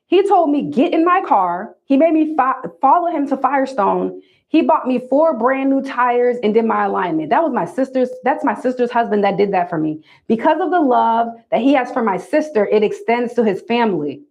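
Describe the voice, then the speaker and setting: A woman's voice: on the high side, expressive, brisk, darkish tone. Emphatic, preachy woman on a livestream. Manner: emphatic, preachy, addresses viewers as y'all. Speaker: livestream host giving dating advice. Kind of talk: casual livestream talk to viewers.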